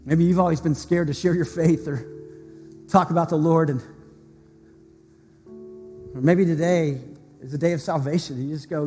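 High-voiced earnest preacher in a hall. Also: male voice, fairly even intonation, moderate pace, pauses often. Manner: earnest, heartfelt storytelling. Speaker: pastor. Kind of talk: sermon with prayer. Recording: long hall reverb, soft music behind.

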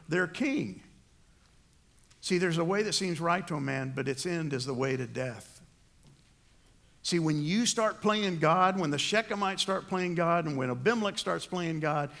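A man's voice: fairly high pitch, creaky, a bit bright. A middle-aged man preaching a sermon as a pastor, telling stories and acting out the lines of the people in them. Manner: storytelling with acted-out quotes.

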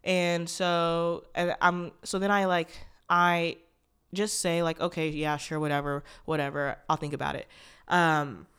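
A woman's voice: on the low side, level tone, takes it slowly, fairly bright tone, clear, resonant tone. A young woman hosting a podcast, telling a personal story in a rambling, candid way, full of "like" fillers, restarts and blunt swearing. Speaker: podcast host.

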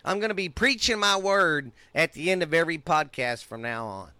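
A fired-up, middle-aged Texan man rants into the mic, swearing freely and getting more heated as he goes. His voice is bright and forceful, a little higher than most men's, and the sound is dry and close. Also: lively intonation, moderate pace, dry recording. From United States. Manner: angry, profane, heated. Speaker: podcast host. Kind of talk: ranting monologue.

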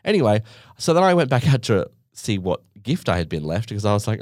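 A man's voice: mid-range voice, animated, fairly quick, dry recording, studio quality. A man telling a story in a casual monologue, dramatic and sarcastic, swearing freely.

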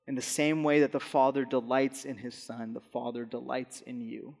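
A young adult man preaching a sermon as pastor, earnest and slowing softly on key phrases. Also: mid-range voice, level tone, vocal fry. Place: church hall. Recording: long reverb in a large hall.

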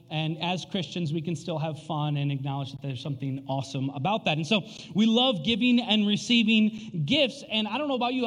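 A man in his thirties preaching a sermon, telling a family story in an animated, casual way with frequent fillers. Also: high-pitched. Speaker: pastor. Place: church sanctuary. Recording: long reverb of a church hall.

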